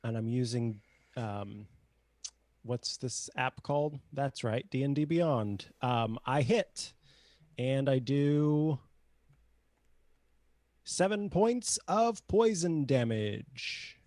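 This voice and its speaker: A man's voice: mid-range voice, animated, takes it slowly, long pauses, darkish tone, no room sound. A man playing in a tabletop game, speaking with a wry, dry humor. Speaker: player. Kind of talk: casual tabletop game chat.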